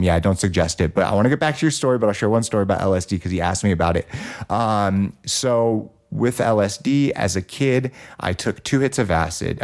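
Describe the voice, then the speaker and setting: A man's voice: sits low, gravelly, a little mellow. A man hosting a casual podcast chat, telling a personal story in a loose, profane way full of fillers. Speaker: podcast host.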